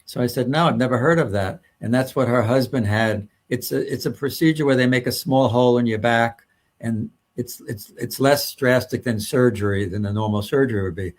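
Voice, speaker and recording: A man co-hosts a faith-based talk show, speaking in an ordinary mid-range voice. He talks in a measured, thoughtful way and often restarts his sentences. He shares his reflections at an easy pace. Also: mid-range voice. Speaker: co-host. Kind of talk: faith-based casual chat.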